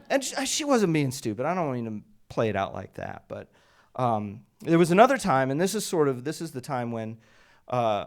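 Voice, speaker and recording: A man's voice: mid-range voice, clear, resonant tone. A man telling a personal story at a live storytelling night, conversational and wry, with a humorous edge. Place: small live event stage.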